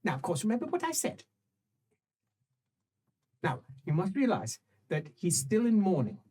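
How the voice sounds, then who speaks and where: A prim, fussy royal chamberlain, as a man voices him in a tabletop game, lecturing primly in a raised, lively voice. His pitch climbs higher and swings around as he frets. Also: moderate pace, slightly rough, full character voice.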